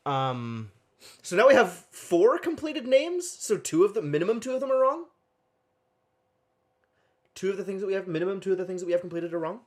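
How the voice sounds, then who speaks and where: A man streaming a game live, puzzling aloud in an animated, exclaiming way on a desk microphone. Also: high voice, brisk, pauses often.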